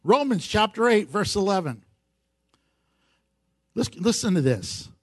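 At a church service, a pastor preaches to his congregation in a notably high, light voice with a breathy edge, very animated but at a measured pace. He builds rising emphasis through repeated phrases and drops in playful jokes. The sound is close and dry, with no room echo.

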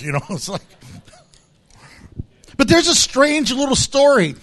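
Male pastor, middle-aged, lively sermon delivery, higher-pitched voice, acts out quotes. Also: a little slow. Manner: animated preaching with acted-out quotes and laughter.

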